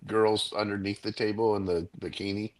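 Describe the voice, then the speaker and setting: A man co-hosting a casual chat, jokey and quick to break in with banter. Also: on the low side, level tone, poor audio. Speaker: co-host.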